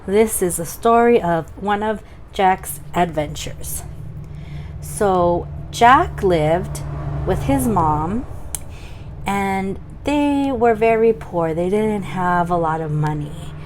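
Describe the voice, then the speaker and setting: A young adult woman telling a children's story aloud, slowly and expressively, with many pauses. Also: medium pitch, lively intonation, darkish tone, slight background noise. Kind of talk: oral storytelling for kids.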